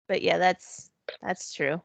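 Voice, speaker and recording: A woman's voice: lowish voice, creaky, very noisy. Agreeable woman co-host, casual chat. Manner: agreeable, reads quotes aloud, quick back-channel replies. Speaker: podcast co-host.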